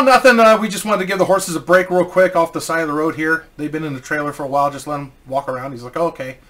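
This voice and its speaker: A man's voice: medium pitch, fairly bright tone. A man casually telling a personal story, rambling and swearing, with many restarts.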